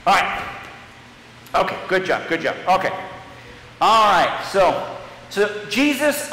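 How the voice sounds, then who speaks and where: With a high-pitched, bright, forceful tone, a pastor steers the children through a story in fits and starts, keeping it playful. It's a live stream from an echoey church hall, with a little hiss or hum audible.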